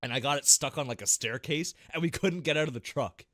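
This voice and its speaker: A man co-hosting a casual gaming podcast, telling stories in an animated way and swearing constantly. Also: medium pitch, brisk, dry recording, studio quality. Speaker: podcast co-host.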